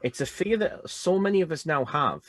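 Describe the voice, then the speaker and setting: A man co-hosting a casual chat about films, thoughtful and measured as he picks apart scenes. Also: fairly high pitch, animated, fairly bright tone, a little hiss or hum. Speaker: podcast co-host.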